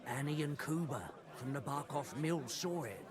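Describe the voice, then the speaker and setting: A man's voice: medium pitch, expressive, moderate pace, a loud crowd, close to an everyday voice. A man playing a chatty, folksy innkeeper passing on grim news in a game. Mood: gossipy. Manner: chatty, colloquial folksy speech. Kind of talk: game dialogue.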